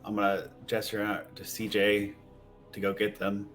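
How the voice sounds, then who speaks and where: A man talks casually through his moves in a tabletop game, plain-spoken and practical. His voice is on the low side yet bright and forward, with faint music behind. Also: monotone, normal speed. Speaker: player.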